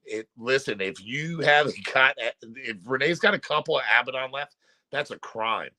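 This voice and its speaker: A man's voice: mid-range voice, moderate pace, sharp tone, dry recording. Jersey guy shooting the breeze on a podcast, cussing, telling stories, dry mic. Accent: New Jersey. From Brooklyn and New Jersey. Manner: loose, profane, rambling storyteller. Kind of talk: casual chat.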